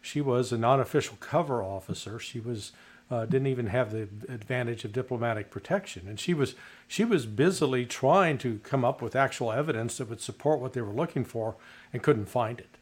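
A man's voice: medium pitch, a little fast. A man who was once an intelligence officer, speaking as a matter-of-fact guest on a remote roundtable and stumbling slightly at the start of his points. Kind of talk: roundtable discussion. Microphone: remote call.

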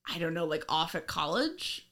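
A woman co-hosting a casual podcast recap, animated and laughing, often swearing and acting out lines from the episode. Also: low voice, normal speed. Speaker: podcast co-host.

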